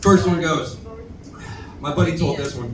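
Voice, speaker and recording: Young guy doing standup in a bar, kinda high voice, rambly and cussing, echoey room, mic from far off. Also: normal speed, noisy background. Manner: rambling, self-deprecating, profane, talks to the crowd. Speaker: stand-up comedian at open mic. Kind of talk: stand-up comedy set. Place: bar stage, roomy and echoey.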